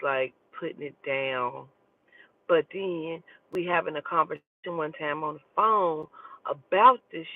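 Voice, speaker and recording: A woman who works as a spiritual advisor, telling a personal story in a lively, profane, gossipy way and acting out the dialogue. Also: sits low, no echo. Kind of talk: casual storytelling. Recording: tinny phone-like dry sound.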